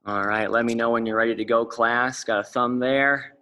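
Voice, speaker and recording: A man's voice: medium pitch, steady tone, moderate pace, pushed and bright, roomy sound, distant mic, poor audio. A young man leading a stretching class, upbeat and encouraging, often checking in with the class. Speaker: exercise class instructor.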